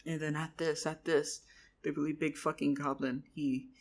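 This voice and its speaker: A man's voice: fairly high pitch, level tone, moderate pace. A man telling a rambling improvised fantasy story, repeating his words and swearing casually. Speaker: vlogger.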